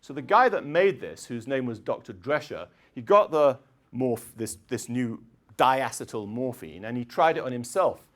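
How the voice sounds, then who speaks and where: A middle-aged man giving a chatty public lecture, often clearing his throat and filling pauses with um and uh. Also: mid-range voice, expressive, a bit bright. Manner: chatty, digressive, frequent throat clearing and fillers. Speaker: university lecturer. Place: lecture hall.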